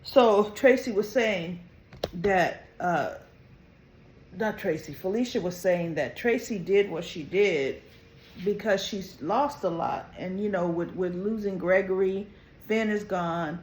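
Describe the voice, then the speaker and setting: A woman in a casual recap of a soap episode, acting out the characters' lines as she tells what happened. Her voice sits at an ordinary middle pitch. The room is echoey, with a faint hum of noise behind her. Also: takes it slowly. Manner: retells scenes with quoted lines, animated. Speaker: soap opera recap host.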